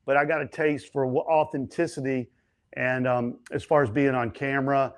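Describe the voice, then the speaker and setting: A stuntman and actor telling set stories as an interview guest, animated and chatty, acting out other people's lines. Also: medium pitch, moderate pace. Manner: frequent fillers and restarts. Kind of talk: casual storytelling interview.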